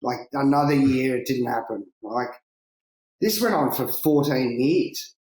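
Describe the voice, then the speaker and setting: A man, a big-wave surfer, telling stories in a casual interview, lively and swearing freely, laughing and acting out what people said. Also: medium pitch, unhurried. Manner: animated, swearing, laughing, acts out quotes. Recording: roomy echo.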